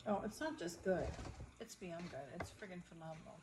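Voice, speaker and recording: A woman's voice: on the low side, fairly quick, background noise. A young woman chatting casually with viewers on a livestream, talkative and sassy. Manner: chatty, sassy, admits she talks too much. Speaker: livestream co-host.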